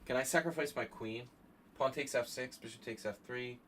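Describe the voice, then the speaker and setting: A man's voice: mid-range voice, moderate pace, fairly bright tone, slight background noise. A man streaming blitz chess, thinking aloud through his moves and chatting with viewers as he plays. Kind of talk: live stream commentary while playing blitz chess.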